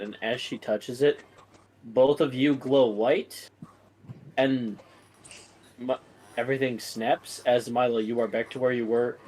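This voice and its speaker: A man's voice: mid-range voice, a little mellow, poor audio. Man narrating a tabletop game. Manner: loose narration with many fillers. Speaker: dungeon master.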